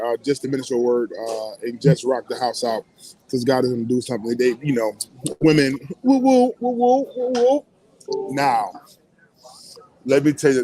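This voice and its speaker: A man hosting a casual morning radio show, telling stories in an animated way with frequent laughs. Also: medium pitch, low-quality recording. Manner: animated storytelling, laughs and whoops often.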